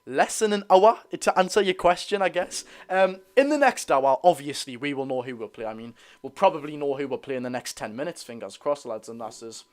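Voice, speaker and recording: A man's voice: fairly high pitch, brisk, few pauses. A young man with a Geordie accent hosting a casual live football watch-along, reading out viewer comments and chatting to his audience. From North East England. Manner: chatty, reads viewer comments aloud, calls chat lads and lasses. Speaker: football fan livestream host.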